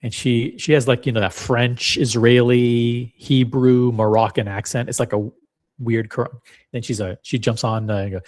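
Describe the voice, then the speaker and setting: A man's voice: medium pitch, level tone, moderate pace, darkish tone. A man hosting a live reaction stream, chatting in a rambling, self-deprecating way. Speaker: livestream host.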